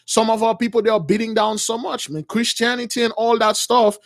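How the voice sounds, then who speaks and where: Call-in show host, male, high voice, preachy and rambling, dry close sound. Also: level tone, a little fast, no echo. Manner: preachy, rambling, many fillers. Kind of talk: religious call-in radio talk.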